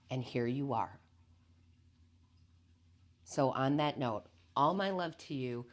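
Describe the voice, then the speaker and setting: A woman tarot reader giving a calm, earnest spiritual motivational talk to her viewers, repeating her key phrases and never hyping things up. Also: a bass voice, takes it slowly, pauses often.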